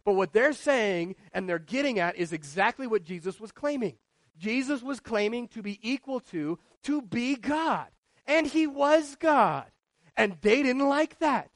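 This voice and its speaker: A man preaching a sermon, moving between loud and hushed delivery and asking the congregation questions. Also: extremely high pitch, lively intonation, unhurried, dry recording. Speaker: pastor.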